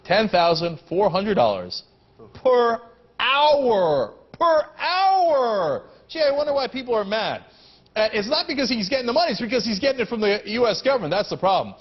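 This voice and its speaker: A man's voice: sits high, very animated, quick pace, lo-fi sound. A man hosting heated political commentary, sarcastic and indignant, mocking what he discusses.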